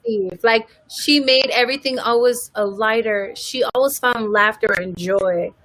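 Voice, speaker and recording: A woman's voice: fairly high pitch, moderate pace, no room sound. A woman co-hosting a podcast, telling stories animatedly and acting out the people in them. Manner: animated, acts out voices in her stories. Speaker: podcast co-host. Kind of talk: casual storytelling chat.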